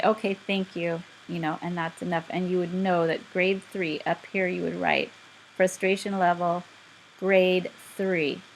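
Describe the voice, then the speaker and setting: Woman teacher walking thru a reading assessment, lowish voice, bit of hiss behind. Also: creaky, low-quality recording. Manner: explanatory, patient, addresses listeners directly. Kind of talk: instructional lecture.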